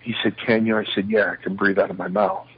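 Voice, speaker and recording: Older male guest telling stories, low husky voice, slightly dull interview audio. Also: quick pace, no echo. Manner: animated storyteller acting out quoted dialogue. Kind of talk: shoot interview storytelling.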